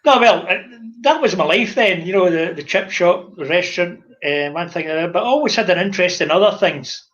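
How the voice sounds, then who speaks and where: An older Scottish man, a former publican, telling lively stories in casual chat and acting out the dialogue. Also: high-pitched, fairly quick, hardly any pauses, highs cut off. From Scotland. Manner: animated anecdotal storyteller, acts out dialogue.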